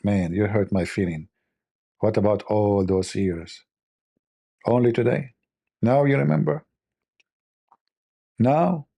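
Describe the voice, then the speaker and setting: Male stream host, low husky voice, playful ribbing of chat. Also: slow pace, long pauses, dark tone. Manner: teasing, joking, mock-offended banter. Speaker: livestream host. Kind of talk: casual livestream chat with viewers.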